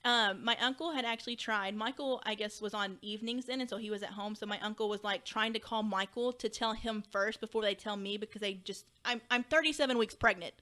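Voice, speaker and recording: A young woman from Kentucky, a teacher and podcast guest, telling a personal story in animated conversation and acting out past dialogue. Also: mid-range voice, fairly quick, hardly any pauses.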